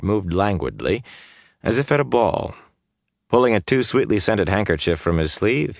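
Deep-voiced man narrating a fantasy audiobook. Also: creaky, dry recording, clean studio sound.

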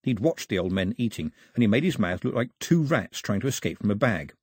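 A man reading a storybook aloud in an expressive, varied narration. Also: on the low side, fairly quick, breathy edge, dry recording, studio quality.

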